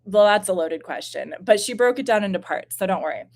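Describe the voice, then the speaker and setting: A woman's voice: mid-range voice, animated, a little fast, creaky. A woman in her thirties hosting a casual live stream from home, chatty and self-deprecating, rambling with fillers and a bit stuffy from postnasal drip. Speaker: YouTube channel host. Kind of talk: casual live-stream chat reading viewer questions.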